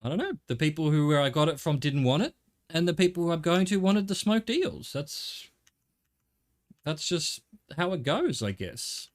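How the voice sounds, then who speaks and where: A man's voice: a little high, lively intonation, normal speed. Middle-aged aussie guy streaming a game, rambly and wry, chatting to viewers. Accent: Australian. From Australia. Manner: rambling, wry, jokey asides to chat. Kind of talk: casual live-stream chatter while gaming.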